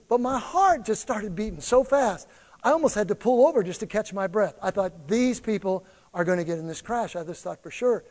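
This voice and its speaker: A man's voice: sits high, long reverb tail. A male pastor preaching a sermon, telling personal stories and acting out the voices of people in them. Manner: animated storytelling preacher, acting out quoted voices.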